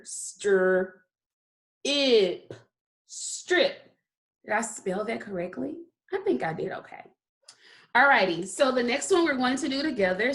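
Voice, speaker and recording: This woman's fairly high, slightly bright voice leads little children through an unhurried phonics lesson. She draws the sounds out with patience and praises them often.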